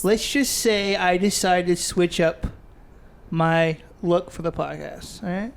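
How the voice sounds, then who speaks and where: Male podcast co-host, high-pitched, rambling storyteller, casual chat. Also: slow, gravelly, smooth. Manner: laughs often, rambling storyteller. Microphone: studio mic under bright lights.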